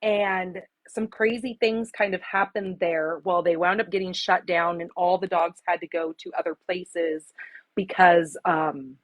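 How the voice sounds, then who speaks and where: A woman's voice: on the low side, steady tone, measured pace, dry recording, low-quality recording. A woman in her forties from Arizona hosting a casual craft livestream, chatting with viewers and greeting them by name, sometimes emotional. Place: home craft room.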